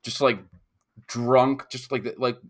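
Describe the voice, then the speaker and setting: A man's voice: mid-range voice, little pitch movement, slow. A man from the United States co-hosting a podcast, chatting casually in a rambling, crude way. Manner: rambling, crude, full of restarts. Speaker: podcast co-host. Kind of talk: casual chat.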